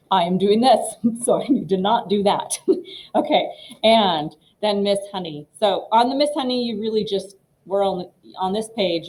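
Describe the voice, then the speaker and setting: Rambling woman drama teacher, lowish voice. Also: darkish tone, poor audio. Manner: casual, rambling, many fillers and restarts. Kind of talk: explaining audition pieces to students.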